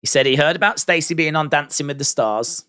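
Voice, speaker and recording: A man's voice: fairly high pitch, a little fast, bright, forceful tone, smooth, no room sound, studio quality. A man hosting a wrestling watch-along stream, chatting and reacting with laughs and asides. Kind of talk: casual live-stream commentary.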